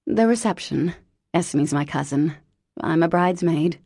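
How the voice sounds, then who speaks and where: A woman's voice: sits low, lively intonation, unhurried, mellow, husky, no room sound, clean studio sound, full character voice. A woman voicing a flustered, stammering wealthy young woman in an audiobook. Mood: bright. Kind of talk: audiobook character dialogue.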